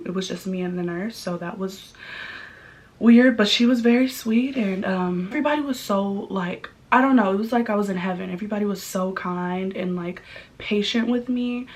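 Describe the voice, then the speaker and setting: A young woman talks straight to her audience in a casual vlog, chatty and candid. Her voice sits at an ordinary middle pitch, and she keeps an easy storytelling flow, scattered with likes and ums. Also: moderate pace. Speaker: vlogger.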